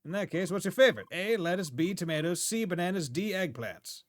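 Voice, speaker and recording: A man's voice: sits high, expressive, fairly quick, pitched above the performer's own voice. A man voicing a forgetful, eccentric rich old man who rambles theatrically.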